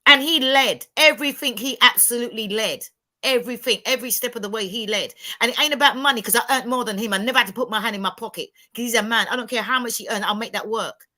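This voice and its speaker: A woman's voice: fairly high pitch, fast, pushed and bright. A woman, telling blunt, emphatic stories as a guest on a livestream panel. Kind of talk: candid livestream chat.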